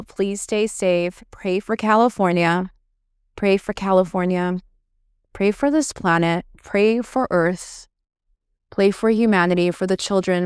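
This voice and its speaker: A woman's voice: lowish voice, smooth, no echo, clean studio sound. A woman in her thirties hosting a solo podcast, talking in a blunt, emphatic way and swearing freely. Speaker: podcast host. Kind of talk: monologue podcast.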